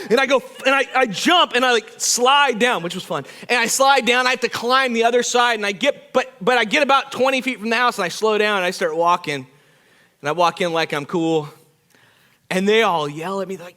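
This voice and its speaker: A man preaching a sermon as pastor, telling a personal story with lively acted-out quotes. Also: high-pitched, fairly quick. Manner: animated storyteller, acts out quotes with shouts and whispers. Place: church.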